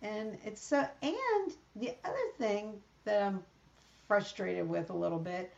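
A woman's voice: medium pitch, lively intonation, unhurried, creaky, a little mellow. A middle-aged woman co-hosting a podcast, telling everyday stories in casual chat and acting out what people said. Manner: chatty storyteller, acts out quoted exchanges. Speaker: podcast co-host. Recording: slightly dull lo-fi sound.

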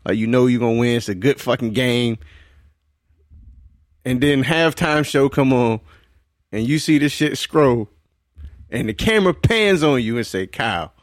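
A man's voice: mid-range voice, expressive, no echo, studio quality. A man co-hosting a podcast in casual chat, setting up long slangy hypotheticals. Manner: storytelling, slangy, drawn-out setups.

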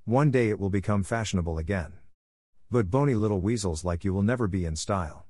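A teenage girl who has had enough of her bully and answers him with sharp, cutting words, as a man reading the story puts her on. The voice stays low and close, with a dry, deadened sound. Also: a little fast, no echo, natural voice. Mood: defiant. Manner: defiant, cutting.

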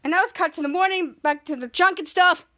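Very high-voiced woman recapping a show. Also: fairly bright tone. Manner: halting, scene-by-scene retelling with restarts. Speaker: podcast host. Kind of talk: casual episode recap.

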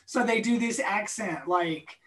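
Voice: medium pitch, measured pace, fairly bright tone, low-quality recording. Chatty, rambling podcast guest. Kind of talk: casual podcast chat.

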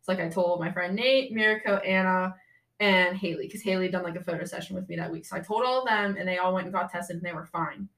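A woman's voice: lowish voice, fast, far from the mic. A young woman guesting on a podcast, telling a story in casual chat and saying "like" constantly. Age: young adult. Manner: chatty, heavy use of "like", animated retelling.

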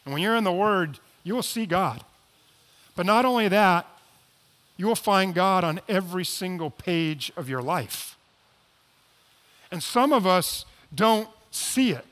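A man preaching a sermon as pastor, moving between quiet, low asides and loud, emphatic appeals. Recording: long hall reverb.

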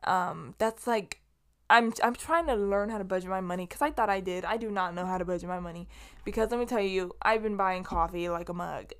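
A woman's voice: medium pitch, fairly quick, fairly bright tone, clear, resonant tone. A young woman from Los Angeles hosting her podcast alone, chatting in a rambling, casual way, swearing freely and restarting often. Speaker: podcast host. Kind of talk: casual solo monologue.

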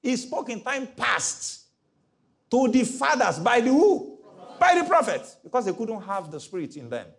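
Lively pastor preaching. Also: male voice, very high voice. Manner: animated, mimics voices in stories, laughs often. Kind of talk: sermon.

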